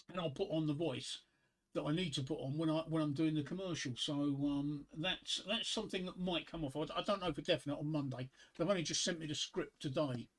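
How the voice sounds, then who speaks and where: A middle-aged man chatting casually on his live stream, rambling between topics and reading corny one-liner jokes aloud at a home desk microphone. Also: a little high.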